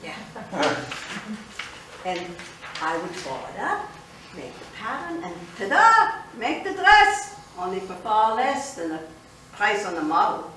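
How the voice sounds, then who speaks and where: An actress in a solo theatrical monologue, playing an older immigrant grandmother who tells her story with expressive, indignant energy, recorded from a distance in an echoey theater. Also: mid-range voice, takes it slowly, pauses often, background noise. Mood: recounting. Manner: expressive storytelling, switching between wistful and fiery. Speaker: solo stage performer. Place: theater stage.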